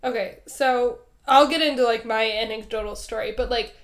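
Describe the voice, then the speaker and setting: Chatty young woman with a high voice. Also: fairly even intonation, moderate pace. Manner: chatty, filler-heavy, many "like"s. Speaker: podcast co-host. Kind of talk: casual chat.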